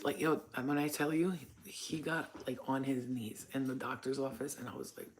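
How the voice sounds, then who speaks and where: A woman's voice: extremely low pitch, fairly even intonation, fairly quick, few pauses, slight background noise. A woman hosting her own channel, telling frank, profane stories in a casual monologue. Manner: blunt, profane, frank storytelling. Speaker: channel host.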